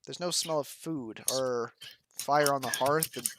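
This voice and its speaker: A young man narrating as game master of a tabletop role-playing game, relaxed and rambling. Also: medium pitch, a little slow, noisy background.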